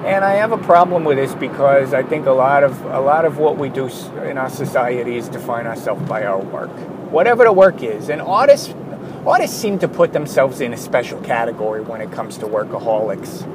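A man's voice: mid-range voice, big pitch swings, a little fast, background noise. A man hosting a solo podcast, ranting in a worked-up way, often interrupting himself and apologizing. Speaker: podcast host.

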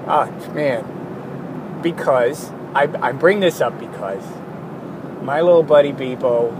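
A tired man rambling casually through a vlog, wandering off on self-mocking tangents. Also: on the high side. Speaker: vlogger. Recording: steady traffic noise behind.

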